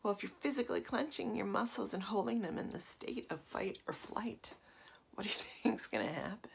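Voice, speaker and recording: A woman's voice: mid-range voice, lively intonation, brisk, gravelly. A woman in her forties giving a casual, confiding talk as a meditation teacher, often dropping to a half-whisper. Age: 40s. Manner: soft, confiding, with frequent fillers and laughs.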